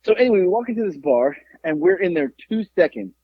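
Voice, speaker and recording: A man hosting a podcast, telling a rowdy story in casual chat, profane and animated, acting out the people in it. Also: sits high, fast talker, no echo. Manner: profane, animated, acts out the people in his stories. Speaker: podcast host. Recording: dull lo-fi podcast audio.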